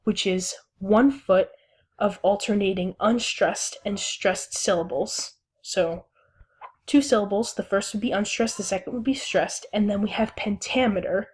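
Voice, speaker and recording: A young woman giving a recorded lesson as a teacher, speaking slowly and deliberately and sounding out syllables one by one. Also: medium pitch, darkish tone, breathy edge.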